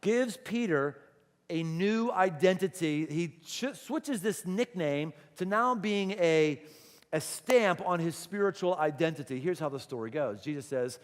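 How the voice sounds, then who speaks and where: A man's voice: fairly high pitch, lively intonation, a little slow, in a large hall. A male pastor preaching a sermon, telling the story dramatically and animatedly. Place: church auditorium.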